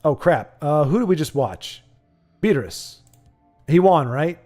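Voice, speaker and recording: A man's voice: on the high side, measured pace, darkish tone, soft background music. A young man hosting a livestream, chatting casually with viewers and rambling with many restarts. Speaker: livestream host. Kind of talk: casual chat while streaming a card game.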